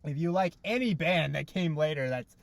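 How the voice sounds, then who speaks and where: A man's voice: fairly high pitch, expressive, moderate pace, creaky, no room sound. Rambling man chatting in a car. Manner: rambling, lots of "like". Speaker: podcast co-host. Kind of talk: casual chat. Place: parked car.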